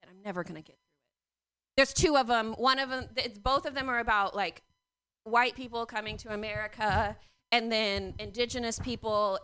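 A woman's voice: on the high side, sharp tone. A woman doing a rambling stand-up set on a comedy club stage, laughing at her own jokes. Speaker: stand-up comic.

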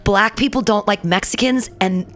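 A woman hosting a talk radio show spins a story in a loose, rambling way, with "like" in nearly every line. She slips into the voices of the people she describes, and her pitch sits at an ordinary middle height. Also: normal speed, fairly bright tone. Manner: chatty, rambling, heavy use of "like", acts out quoted people.

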